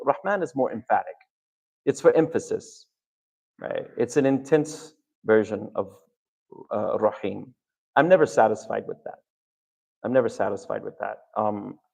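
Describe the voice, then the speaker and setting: A man's voice: medium pitch, gravelly, a little mellow. A man lecturing a seminar class on Arabic and scripture, quizzing his listeners with questions as he goes. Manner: engaging, quizzes the audience with questions.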